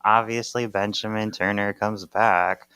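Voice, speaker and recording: A man's voice: fairly low pitch, little pitch movement, unhurried, bright, forceful tone, smooth, no echo. A man co-hosting a podcast, casually describing comic pages, laughing often and acting out quoted lines. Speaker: podcast co-host. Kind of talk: casual chat recapping a comic.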